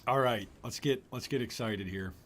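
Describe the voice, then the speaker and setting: A man's voice: mid-range voice, moderate pace, a bit bright, faint music behind. A man streaming a video game, chatting playfully with his viewers as he plays. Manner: chatty, playful, joking with chat. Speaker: gaming streamer. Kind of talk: casual gameplay commentary.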